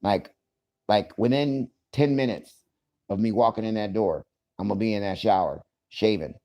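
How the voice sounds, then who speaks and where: A man's voice: on the low side, moderate pace, dark tone. A man hosting a casual livestream, talking loosely and profanely, joking, and greeting viewers by name. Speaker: livestream host.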